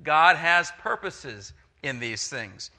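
Bright-voiced man preaching a sermon. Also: a little high, slow. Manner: animated storytelling with acted-out voices. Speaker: pastor.

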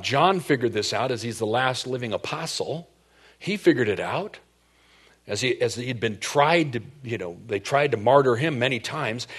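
A male pastor preaching a sermon, animated, jumping into quoted voices and asides. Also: mid-range voice. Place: church.

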